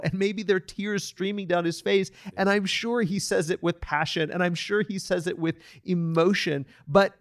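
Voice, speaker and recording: A man's voice: high voice, steady tone, normal speed, few pauses, no echo, studio quality. A man co-hosting a casual Bible study podcast, talking in a thoughtful, earnest way with frequent restarts. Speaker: podcast co-host.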